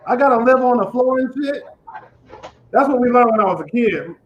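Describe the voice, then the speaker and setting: High-voiced man with a lisp hosting comedy. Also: lively intonation, fairly quick, lo-fi sound, a little hiss or hum. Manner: profane, laughing at own jokes. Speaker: comedy show host. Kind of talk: stand-up comedy set. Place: house in Detroit.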